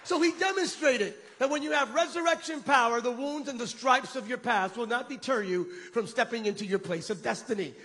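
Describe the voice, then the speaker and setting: A man preaching with fervour, his voice sitting very high and rising into shouted peaks as he calls the congregation to repeat after him. The sound rings out with the long reverb of a large church sanctuary. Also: a little fast, few pauses. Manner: impassioned, shouting climaxes, call-and-response with congregation. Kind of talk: sermon.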